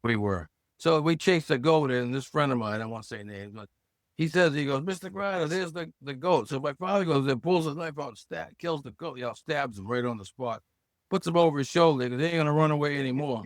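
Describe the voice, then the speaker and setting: A man around seventy from Massachusetts, a podcast guest who tells lively stories and acts out the voices he quotes. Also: medium pitch, fast talker, no room sound, clean studio sound. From Hull, Massachusetts. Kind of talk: casual storytelling interview.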